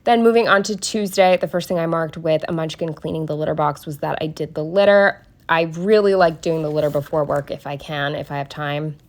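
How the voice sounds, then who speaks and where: Casual vlogger, young woman, stuffy nose, slight lisp, a bit low-pitched, rambling and candid. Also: fairly even intonation, fairly quick, few pauses. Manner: rambling and candid, lots of fillers and asides. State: congested. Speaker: planner vlogger. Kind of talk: casual chatty voice-over.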